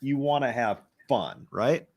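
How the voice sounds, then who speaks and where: A man's voice: medium pitch, big pitch swings, measured pace, vocal fry, darkish tone. A man co-hosting a casual gaming podcast, reacting in an easygoing way to his partner's stories. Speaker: podcast co-host.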